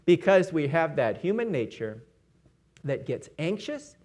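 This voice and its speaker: A man's voice: on the high side, sing-song, a little slow, darkish tone. A man preaching a sermon, retelling stories and briefly acting out the quoted lines.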